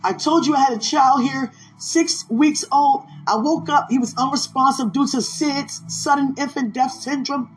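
A woman's voice: high voice, fairly even intonation, moderate pace, few pauses, soft background music. A woman podcast host telling a personal faith testimony in an emotional way, with pleading repetitions.

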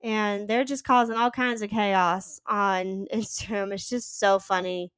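A young woman in her twenties talks on her solo podcast in a loose, rambling way, filling gaps with "um" and "like". Her voice is smooth and clean, and the close mic gives a dry sound with no room around it. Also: mid-range voice, fairly even intonation, a little slow, fairly bright tone, no room sound. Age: 20s. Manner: rambling, chatty, lots of fillers and likes. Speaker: podcast host. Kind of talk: casual solo podcast chat.

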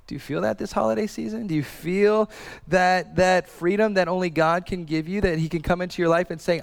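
An earnest male preacher in his thirties with a somewhat high voice. He talks conversationally and leans on repetition to drive each point home. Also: fairly even intonation, fairly quick, creaky, big-room sound. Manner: earnest, conversational, repeats phrases for emphasis. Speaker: pastor. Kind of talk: sermon.

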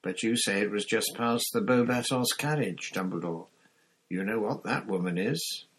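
A man's voice: on the low side, moderate pace, a bit bright, breathy edge, poor audio. A man voicing a fussy, defensive middle-aged male minister in an audiobook reading. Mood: flustered. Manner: insistent, defensive, impatient.

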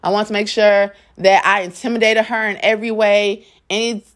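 A woman's voice: mid-range voice, level tone, normal speed. Young woman spilling a story to her viewers, blunt and cussing a lot, middle voice. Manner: blunt, profane, talks straight to viewers; dramatic storyteller, acts out quotes. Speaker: vlogger. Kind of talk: candid storytime monologue.

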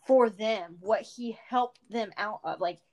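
A woman's voice: medium pitch, slow, darkish tone. Chatty woman host reading stories. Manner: chatty, many fillers and restarts, thoughtful. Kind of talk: reading fan fiction aloud and casual chat.

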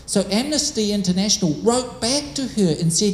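A man's voice: high voice, animated, normal speed, few pauses. Rambling man telling stories in an echoey hall. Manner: rambling, conversational, many asides. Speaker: speaker. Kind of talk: storytelling talk to a group. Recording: echoey hall, faint background noise.

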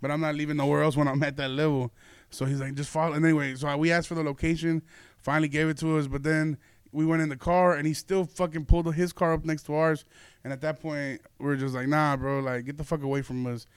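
Young guy on a podcast, kinda high voice, smooth and clear, dry room, cussing and laughing thru a story. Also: level tone, quick pace, no echo. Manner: loose, profane, laughing storyteller. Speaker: podcast host and comedian. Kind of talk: casual storytelling chat.

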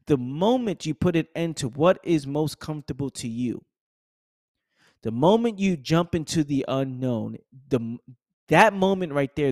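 A man's voice: on the high side, expressive, moderate pace, darkish tone, dry recording, clean studio sound. A man hosting a podcast, giving a passionate motivational monologue full of slang and repetition. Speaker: podcast host.

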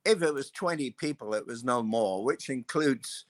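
A man's voice: mid-range voice, animated, no room sound. Older man spinning loose stories. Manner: unhurried, loose, full of "uh" and "um". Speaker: guest, former racing mechanic. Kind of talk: anecdotal storytelling.

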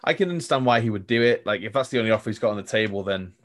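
A man's voice: fairly low pitch, animated, very fast. A man co-hosting a casual football podcast, chatty and jokey, laughing often and acting out quotes. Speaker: podcast co-host.

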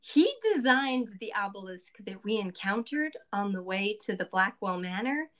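A woman's voice: medium pitch, animated, moderate pace, fairly bright tone. A woman casually recapping a tabletop game session, chatty and full of asides.

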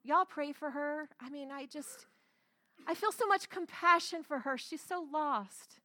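A woman's voice: high voice, measured pace, pushed and bright, dry recording, clean studio sound, pitched above the performer's own voice. A woman voicing a pious, hypocritical man who feigns compassion in a mock-sanctimonious tone.

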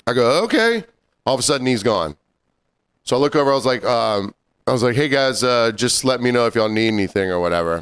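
A man's voice: mid-range voice, fast, fairly bright tone, smooth. A man co-hosting a podcast, laid-back in casual chat, chiming in with short agreements and then telling his own work story. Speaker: podcast co-host.

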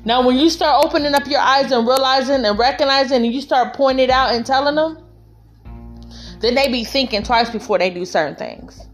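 A woman's voice: high voice, fairly quick, faint music behind. A woman vlogging relationship advice in a casual, heartfelt monologue, telling her story emphatically and speaking straight to other women.

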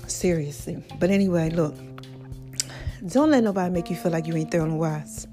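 A woman hosting a casual motivational podcast, preachy and animated, her voice cracking and tired. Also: fairly low pitch, a little fast, music in the background. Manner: preachy, animated, calls listeners baby and child. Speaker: podcast host.

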